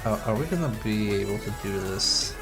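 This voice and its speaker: A man's voice: on the low side, animated, brisk. A man streaming a racing game, chatting casually, swearing freely and acting out voices when he retells stories. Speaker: gaming streamer. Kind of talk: casual chat while playing. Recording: game music loud behind voice. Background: loud game music and car sounds.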